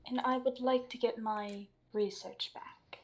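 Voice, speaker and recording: A woman's voice: on the high side, steady tone, unhurried. A woman voicing her character in a tabletop game, blunt and dry. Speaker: player. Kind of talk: in-character tabletop role-play.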